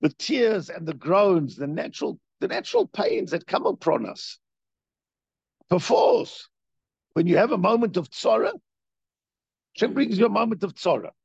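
Man teaching Torah, high voice, gravelly edge, repeats points emphatically. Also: huge pitch swings, moderate pace, dry recording, dull audio. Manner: reads Hebrew text, then explains in English with rising emphasis. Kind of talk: Torah class reading and explaining a text.

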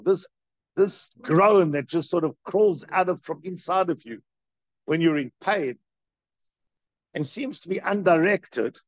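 A man's voice: high voice, no room sound, muffled recording. A man teaching a Torah class, reading a text and explaining it with strong emphasis and repetition. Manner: reads Hebrew text, then explains in English with rising emphasis; animated, repeats points for emphasis.

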